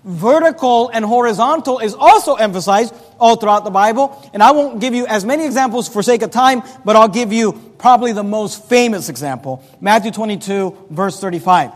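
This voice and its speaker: A man preaching a sermon as pastor of his church, talking emphatically with big swings in loudness and pitch. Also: expressive, a little fast, few pauses. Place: church sanctuary. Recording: long reverb of a church hall.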